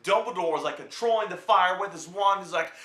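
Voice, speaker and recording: Young male vlogger, high bright voice, rambling profane jokey review, roomy echo. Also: a little fast, over loud music. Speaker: film reviewer. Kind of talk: casual film review.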